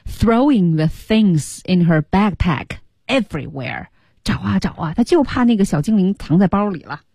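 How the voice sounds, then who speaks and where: A woman teaches English over the radio, walking through a story and playfully imitating the sounds in it. Her speech swings widely in pitch and carries a husky edge, recorded dry and close. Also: moderate pace, no room sound. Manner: animated, explains words with playful sound imitations. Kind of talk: bilingual English lesson explaining a story.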